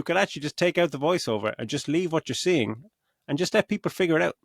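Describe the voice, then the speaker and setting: A man's voice: mid-range voice, lively intonation, fast talker, vocal fry, dry recording. A middle-aged man co-hosting a podcast, rambling through a casual film review, swearing freely and acting out his own reactions. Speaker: podcast co-host.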